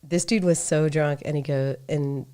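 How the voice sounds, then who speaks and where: A woman's voice: sits low, steady tone, normal speed, dark tone. A woman guest on a podcast, telling a story casually and animatedly, laughing often.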